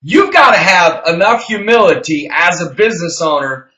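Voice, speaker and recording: A man's voice: high voice, sing-song, moderate pace, pushed and bright, reverberant, rough recording. A man co-hosting a business talk show, emphatic and preachy, repeating phrases for effect. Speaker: podcast co-host.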